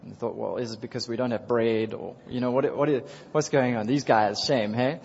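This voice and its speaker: A man's voice: medium pitch, steady tone, fairly quick, gravelly, a little mellow, husky. A man preaching a sermon to his congregation in a conversational way, repeating phrases, chuckling and speaking directly to the listeners. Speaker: pastor. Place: church sanctuary with congregation. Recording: dull sound with long hall reverb.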